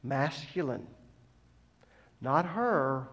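A man preaching a sermon. He teaches scripture with emphatic stresses that drop to soft asides. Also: a little high, expressive, moderate pace, creaky, dull audio. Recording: long reverb of a large hall.

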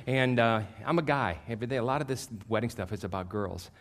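A pastor in his fifties delivers a sermon built on lively, self-mocking stories from his own life, getting loud whenever a punchline lands. His voice sits at a medium pitch, and he talks fast.

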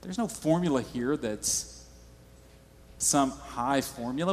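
A man's voice: mid-range voice, takes it slowly, long reverb tail, a little hiss or hum. A male pastor preaching a sermon in a church, conversational and storytelling.

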